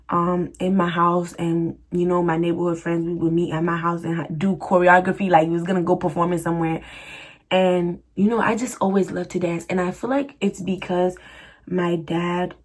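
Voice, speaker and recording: A young woman vlogger answering viewer questions in a chatty, slangy, laughing style. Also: on the low side. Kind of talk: casual Q&A chat.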